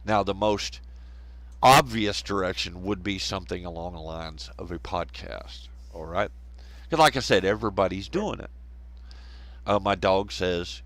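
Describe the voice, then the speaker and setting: A man's voice: low voice, unhurried, a bit bright. A man hosting a casual live stream, rambling, laughing often and bantering with viewers in chat.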